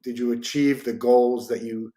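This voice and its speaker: A man's voice: medium pitch, steady tone, moderate pace, warm tone. A man hosting a podcast who asks casual, rambling questions full of "you know" and "like". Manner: rambling, with many "like" and "you know" fillers and restarts. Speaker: podcast host.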